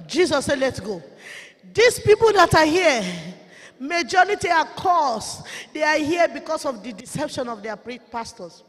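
A woman's voice: high-pitched, expressive, normal speed. A woman giving a fervent, tearful sermon testimony at a ministers' conference, in plain, broken phrasing. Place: church conference hall. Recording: long hall reverb.

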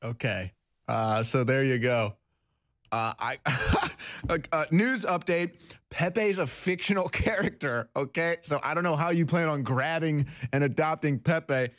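A man's voice: on the high side, a little slow, a bit bright. A man hosting a talk show, reacting to a video clip with mocking disbelief. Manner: incredulous, mocking, laughing. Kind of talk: commentary over video clip.

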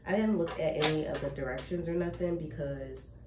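A woman's voice: deep voice, brisk. A woman vlogging as she unboxes a label printer, emotional and close to tears, rambling with restarts and gushing thanks. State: teary, close to crying. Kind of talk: casual chat to camera. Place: cluttered home recording room. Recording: echoey room, distant mic, noisy.

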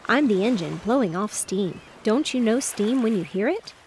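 A woman's voice: medium pitch, expressive, moderate pace, a little mellow, slight background noise, close to an everyday voice. A woman voicing an eager little boy who bossily plays ship captain in a bedtime story reading. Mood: playful. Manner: bossy, make-believe sternness.

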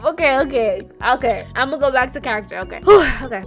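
Bright high-voiced woman playing it dramatic. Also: animated, quick pace, faint music behind. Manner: dramatic, exasperated, breaks into laughter. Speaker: Roblox roleplay streamer. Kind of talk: acted game roleplay with voiced reactions.

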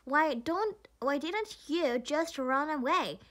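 An earnest young boy from a storybook, read by a woman with a Korean accent. The voice is high and bright, and it moves slowly and carefully through each line. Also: expressive, exaggerated voice. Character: cheerful young boy who builds a snowman.

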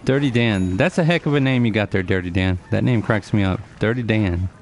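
A man's voice: on the low side, brisk, a little hiss or hum. A man in his forties chatting earnestly to his live-stream audience, lecturing and repeating himself as he answers viewers by name. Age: 40s. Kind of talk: casual live-stream chat.

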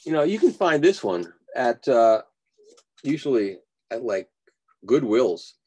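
A man's voice: medium pitch, big pitch swings, a little slow, darkish tone, breathy edge. A man being interviewed as a guest audio reviewer, telling rambling stories and often restarting his sentences. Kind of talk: casual interview.

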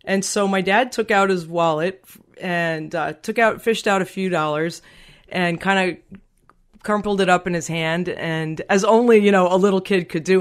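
A middle-aged woman, a podcast guest, telling a personal story in an animated, heartfelt way and acting out the voices she quotes. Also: on the low side, moderate pace.

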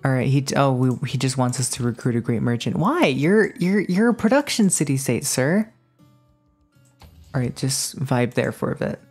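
A woman with a deep, low voice streams a game live. She banters playfully with her chat and bursts into excited exclamations. Her talk is loose, quick and casual. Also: soft background music. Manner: excitable outbursts. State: just woke up. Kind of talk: casual live gaming commentary.

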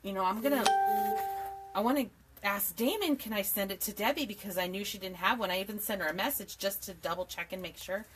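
A woman's voice: mid-range voice, brisk, fairly bright tone, husky. A woman in her forties hosting a live craft tutorial from her home desk, chatty and rambling, laughing often and greeting viewers by name. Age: 40s. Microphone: camera mic at a desk.

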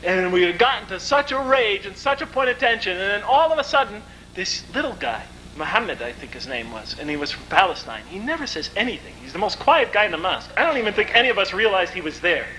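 A man giving a lecture, telling stories in a vivid, animated way. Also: sits high, fast, a little hiss or hum, poor audio. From United States. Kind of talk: storytelling lecture.

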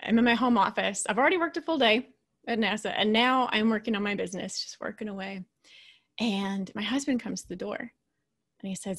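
A woman in her thirties or forties giving a motivational talk as a keynote speaker, telling a personal story in a conversational, animated way with quiet, hushed asides. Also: medium pitch, brisk. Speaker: keynote speaker and leadership coach.

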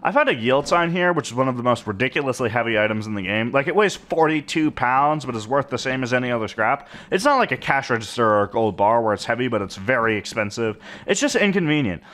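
Man with lively wry game narration. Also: quick pace, few pauses. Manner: dry, wry narration with lively shifts in pitch. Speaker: gaming YouTuber. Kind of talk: narrated gameplay commentary.

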